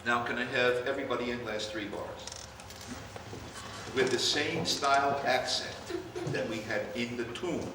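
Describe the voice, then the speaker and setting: An older man conducting a band rehearsal, coaching players and calling out cues in an animated way. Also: mid-range voice, a little slow. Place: large rehearsal hall. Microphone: distant room mic. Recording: far-off echoey hall, noisy.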